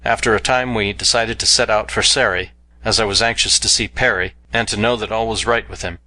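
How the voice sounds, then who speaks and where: A man's voice: lowish voice, fairly even intonation, brisk, sharp tone, low-quality recording. A man reading an adventure novel aloud with earnest, dramatic storytelling. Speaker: narrator. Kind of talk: audiobook narration of an adventure novel.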